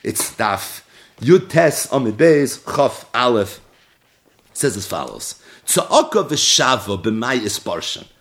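A man teaching a sacred text, reading Hebrew and Aramaic lines and explaining them in English with Yiddish words. His voice rises for emphasis and drops low for asides. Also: a bit bright. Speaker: Torah teacher. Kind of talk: Talmud-style text study.

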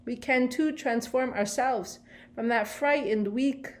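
A woman with a somewhat high voice delivers a Torah lesson on the weekly portion. She speaks expressively and asks rhetorical questions. She weaves in Hebrew phrases and translates each one as she goes. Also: takes it slowly. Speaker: Torah teacher.

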